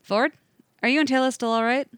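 A woman voicing a relaxed, wry male military officer in a read-aloud story, offhand and dry in tone. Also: sits high, brisk, clean tone, no echo, pitched above the performer's own voice, lightly acted.

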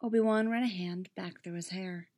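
A woman narrating a story aloud in an even storytelling manner. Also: fairly low pitch, moderate pace. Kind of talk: fan fiction read aloud.

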